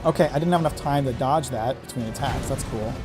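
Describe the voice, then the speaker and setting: Streaming a difficult game over game music, a man talks fast in a mid-range voice. Frustrated with his play, he swears and mutters to himself as he comments.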